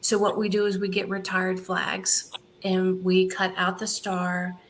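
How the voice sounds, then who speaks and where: A woman in an interview telling her charity's story in an animated way, laughing often and quoting what others said. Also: fairly low pitch, a little slow, a little hiss or hum. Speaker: charity founder guest.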